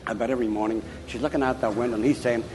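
An older man from Chicago, an author interviewed about his life, telling anecdotes in an emphatic, animated way. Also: medium pitch, very fast, heavy background noise. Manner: animated, emphatic, chuckling raconteur. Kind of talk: anecdotal storytelling.

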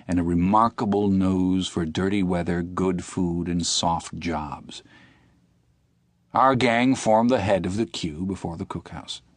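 A man narrating an audiobook in a measured, steady reading. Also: deep voice, no echo, studio quality.

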